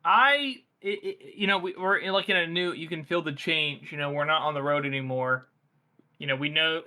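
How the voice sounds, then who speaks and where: A man co-hosting a book podcast, giving his take in a halting way, with many restarts and fillers. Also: a little high, pushed and bright. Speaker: podcast co-host. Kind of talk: casual book-club chat.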